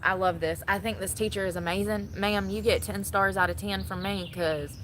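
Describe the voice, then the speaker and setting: A woman's voice: medium pitch, fairly even intonation, moderate pace, a bit bright, a little hiss or hum. A woman giving blunt, sassy casual commentary, laughing often.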